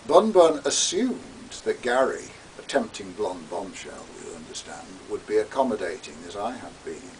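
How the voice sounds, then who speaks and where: A man's voice: fairly low pitch, big pitch swings, moderate pace, few pauses. A man, an author, narrating his own story in a theatrical, relishing way. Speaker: author reading his novel. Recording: distant mic with faint hiss.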